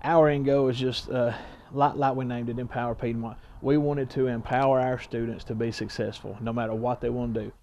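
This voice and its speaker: A man's voice: mid-range voice, steady tone, brisk, few pauses, a little mellow, a little hiss or hum. Plain-spoken man. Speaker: school educator and parent. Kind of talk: documentary interview.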